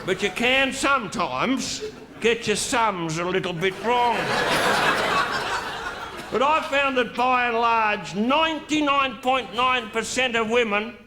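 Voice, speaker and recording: A man playing a boozy, crude, pompous middle-aged Australian dignitary with an Australian accent. He delivers a bawdy, mock-sentimental live comic monologue with bluster. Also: extremely high pitch. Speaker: stand-up comedian in character. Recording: live stage with audience noise.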